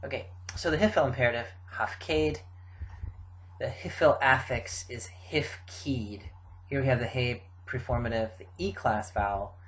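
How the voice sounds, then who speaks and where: A middle-aged man giving a recorded grammar lecture, explaining forms in a measured way with frequent fillers. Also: medium pitch, a bit bright, poor audio. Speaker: Biblical Hebrew teacher.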